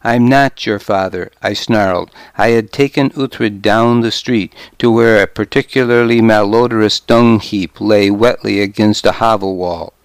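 Slow, smooth-voiced male audiobook narrator. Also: on the low side, fairly even intonation, no room sound. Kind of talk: first-person scripted narration.

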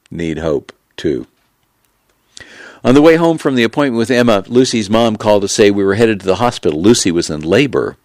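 Man, 30s, very low voice, audiobook memoir narration, reflective, dry studio sound. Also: no room sound. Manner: measured, reflective, unhurried.

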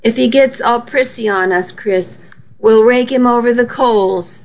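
Brief: woman reading as a jolly husband, unhurried, slightly muffled sound. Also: a little high, darkish tone. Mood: joking. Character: easygoing husband, adult man.

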